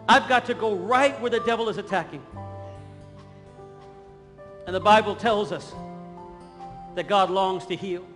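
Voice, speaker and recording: High bright-voiced guy pastor preaching hard in a big church, long echo, soft music under. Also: unhurried, pauses often. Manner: fervent preaching, rising to shouts. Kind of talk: sermon. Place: large church sanctuary. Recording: long hall reverb, faint music.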